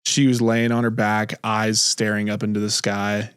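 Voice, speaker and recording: A man's voice: lowish voice, normal speed, clean tone, no echo. Guy hosting a podcast, laid back and chatty, dry close sound. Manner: relaxed, chatty, laughs easily. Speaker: podcast host. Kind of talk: casual chat and reading a short story aloud.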